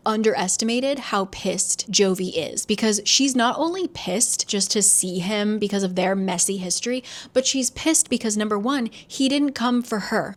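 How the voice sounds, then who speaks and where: A woman casually recapping a novel's plot, sarcastic and chatty, acting out the characters' lines with quick asides and the odd swear. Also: mid-range voice. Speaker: book reviewer.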